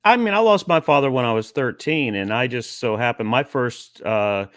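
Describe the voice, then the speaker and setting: A man co-hosting a sports radio show recalls old games in an earnest, halting way, with plenty of filler pauses. His mid-pitched voice comes through a dry, close microphone. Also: expressive, no room sound. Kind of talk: casual sports talk.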